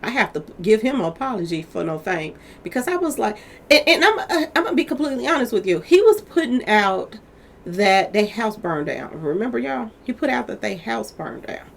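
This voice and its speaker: A woman's voice: on the high side, a little fast, gravelly, a little hiss or hum. A woman hosting her own channel, chatting animatedly about celebrity gossip and talking straight to her viewers. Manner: chatty, animated, keeps addressing viewers as "y'all". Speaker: commentary channel host. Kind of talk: casual celebrity gossip commentary.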